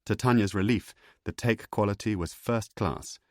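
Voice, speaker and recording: A man reading an audiobook thriller in a measured, even storytelling voice. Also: on the low side, no echo, studio quality. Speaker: audiobook narrator. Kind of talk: scripted narration.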